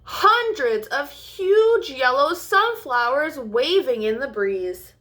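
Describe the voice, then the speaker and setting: A woman's voice: sits high, expressive, slow, a bit bright. Sing-song storytime woman. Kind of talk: reading a picture book aloud.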